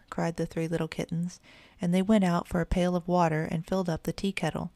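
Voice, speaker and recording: A woman reads a children's bedtime story aloud in an even, measured way. Her voice is low and gravelly. The recording is close and completely dry. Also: no room sound. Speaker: narrator.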